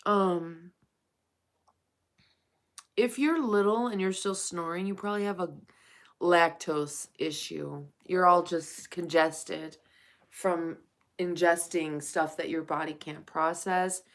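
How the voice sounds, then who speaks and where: Slow-talking woman streamer, chatty and affectionate. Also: fairly low pitch, fairly even intonation. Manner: chatty, calls viewers honey and darling. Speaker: live streamer. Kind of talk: casual late-night live stream chat.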